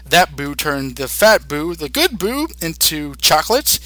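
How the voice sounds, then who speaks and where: A man's voice: fairly high pitch, sing-song, unhurried, bright, forceful tone, dry recording. A young man hosting a podcast, casually retelling a cartoon episode with many fillers and restarts. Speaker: podcast host.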